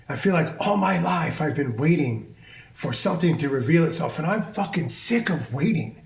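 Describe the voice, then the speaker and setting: A hairstylist appears as a guest on a podcast, and his slightly high voice carries lively intonation at a normal speed. He talks intensely and emphatically, swearing freely, and the recording has a roomy echo.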